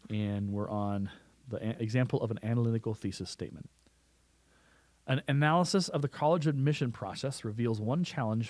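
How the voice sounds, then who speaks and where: A man's voice: medium pitch, darkish tone, no room sound. A man teaching a writing lesson in a conversational way, often repeating words and restarting phrases. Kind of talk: recorded classroom lesson. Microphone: close studio mic.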